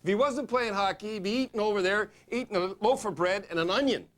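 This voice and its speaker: A man giving blunt, opinionated, fast-talking hockey commentary in a TV studio segment. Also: high voice, fairly bright tone.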